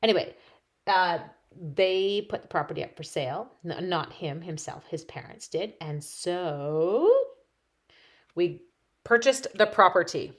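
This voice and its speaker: A woman's voice: lowish voice, lively intonation, unhurried. A woman demonstrating stamping on a livestream, chatting casually and giggling as she answers viewers while she works. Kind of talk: casual live-stream chat while crafting.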